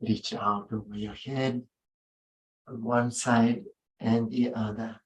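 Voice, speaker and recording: Slow, gentle man guiding yoga. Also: medium pitch, flat delivery, far from the mic. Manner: gentle, unhurried spoken cues with long pauses. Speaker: yoga instructor. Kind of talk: guided yoga instruction. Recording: roomy sound from off-mic.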